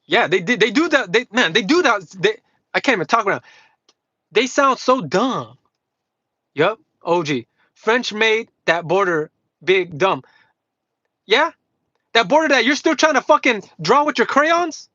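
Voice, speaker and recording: Sharp high-voiced man ranting, profane. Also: sing-song, measured pace, pauses often, no echo. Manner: combative, mocking, swears constantly, repeats himself. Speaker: livestreamer. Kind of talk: heated profane rant to live chat. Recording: dull lo-fi livestream audio.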